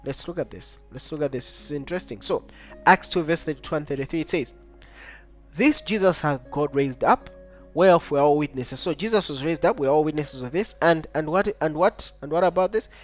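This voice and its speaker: A man teaching a Bible study lesson, reading verses aloud and keeping up a steady stream of rhetorical questions to his listeners. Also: on the high side, brisk, faint music behind. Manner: keeps asking the listener rhetorical questions like "right?" and "what?"; reads scripture aloud in old-style wording.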